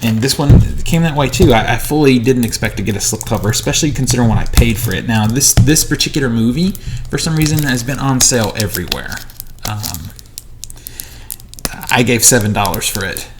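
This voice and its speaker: A man's voice: mid-range voice, lively intonation, brisk, noisy background. Chatty man rambling through a haul vlog. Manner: chatty, rambling, talks while unboxing. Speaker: movie collector vlogger. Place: small home studio.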